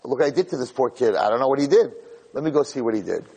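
A man voicing a kindly male teacher who gently questions a pupil, recorded in an echoey hall. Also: mid-range voice, lively intonation, very fast, breathy edge. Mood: concerned.

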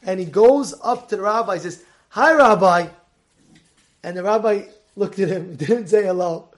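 Animated high-voiced man telling a Torah story. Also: a little fast. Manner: animated, acts out the story's voices, swings from loud to hushed. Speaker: rabbi.

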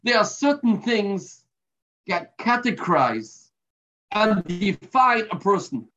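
A man's voice: high-pitched, big pitch swings, slow pace, sharp tone. Man teaching a religious lesson. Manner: storytelling, mixing in Hebrew terms. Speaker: Torah teacher. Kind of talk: weekly religious lesson with a parable. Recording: dull lo-fi recording.

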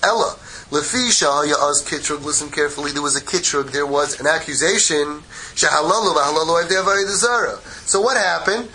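A man teaching a Torah lesson in an animated, joking way, mixing Hebrew quotes with English explanation. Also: fairly high pitch, fairly quick, a little hiss or hum, low-quality recording. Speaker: rabbi teaching a class.

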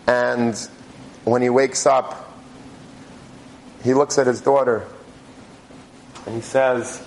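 A man giving a religious talk, telling a story in a halting way with many restarts. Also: medium pitch, a little hiss or hum, low-quality recording. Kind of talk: sermon storytelling.

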